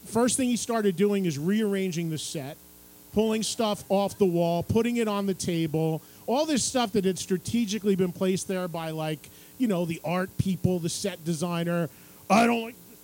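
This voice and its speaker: Middle-aged male raconteur, higher-pitched voice, animated live storytelling on a small stage, faint background hum. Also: poor audio. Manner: lively storyteller who acts out other people's lines and laughs through the tale. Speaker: radio and TV music host telling a story at a book signing. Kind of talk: animated anecdote to a live audience. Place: radio station stage at a public event.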